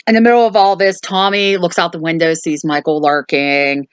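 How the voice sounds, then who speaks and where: Low-voiced woman recapping a movie. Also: steady tone, moderate pace, clear, resonant tone, no room sound. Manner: rambling, lots of um and so. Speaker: host.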